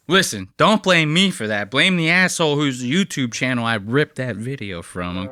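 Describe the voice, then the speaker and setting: A man's voice: mid-range voice, expressive, normal speed, hardly any pauses, music in the background. A man hosting his own channel, reacting to clips in a heated, profane, sarcastic rant. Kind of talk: casual commentary rant.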